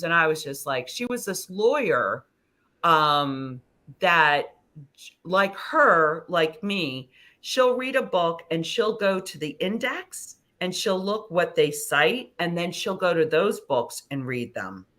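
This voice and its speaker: A middle-aged woman, a guest on an interview show, telling personal stories in an animated way, swearing freely and acting out conversations. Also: lowish voice, slow pace. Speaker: guest, ascension teacher and hypnosis practitioner. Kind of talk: casual storytelling interview.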